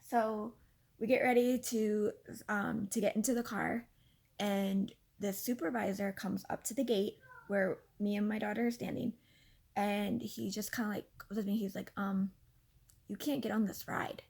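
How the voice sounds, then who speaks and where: A woman in her thirties casually telling a story from her own life, animated and exasperated, with lots of fillers. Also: medium pitch, a little slow, vocal fry. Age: 30s. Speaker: vlogger.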